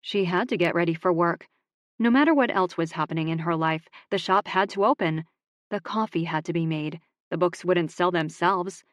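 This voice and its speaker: A woman with a lowish voice narrating a romance audiobook in a steady, measured way. The recording is close and dry, with no echo at all.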